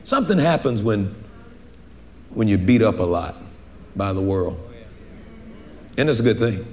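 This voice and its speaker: A man pastor preaching a sermon, animated, acting out little dialogues and laughing often. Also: lowish voice, unhurried, a little hiss or hum.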